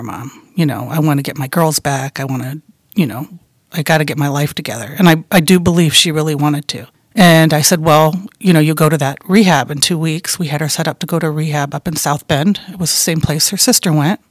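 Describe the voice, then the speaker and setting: Middle-aged woman, interview guest, soft halting delivery, voice trails off quietly, dry close-miked sound. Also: low-pitched, no room sound. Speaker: guest, bereaved mother. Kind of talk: emotional interview storytelling.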